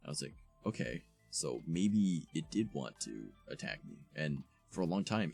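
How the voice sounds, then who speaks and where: Very deep gravelly young man streaming. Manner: rambling, swearing, thanks followers mid-story. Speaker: streamer host. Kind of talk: casual live-stream chat.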